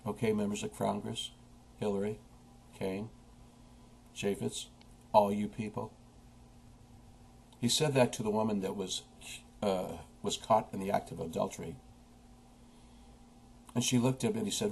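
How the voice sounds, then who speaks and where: A man's voice: lowish voice, moderate pace, creaky, long pauses, darkish tone, slightly rough. A man delivering an impassioned political rant, preaching at his listeners and quoting scripture. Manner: preachy, quotes scripture, talks straight at the audience. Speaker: political commentator.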